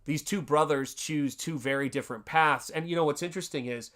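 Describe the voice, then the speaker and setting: Rambling, chatty Tennessee-raised streamer. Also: male voice, on the high side, a little fast, fairly bright tone. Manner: rambling and chatty, greets viewers in chat. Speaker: livestreaming artist. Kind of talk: casual livestream chat.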